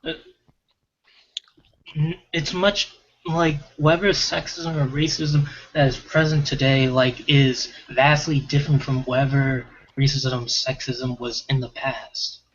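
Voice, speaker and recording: A man's voice: medium pitch, little pitch movement, muffled recording, a little hiss or hum. A man in an online debate, speaking hesitantly with frequent fillers. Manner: hesitant, halting.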